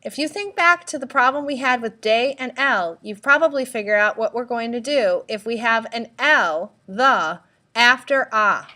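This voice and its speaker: A woman teacher giving a recorded tutorial, speaking slowly and deliberately, spelling out letters and asking listeners to repeat. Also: a little high, animated, bright, forceful tone. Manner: slow, deliberate, spells out letters and prompts repetition. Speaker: Spanish teacher.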